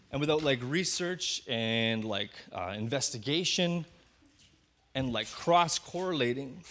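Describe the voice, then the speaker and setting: A male pastor preaching a sermon in a conversational storytelling way, slowing down to dwell on key words, with self-deprecating asides. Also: fairly high pitch, fairly bright tone.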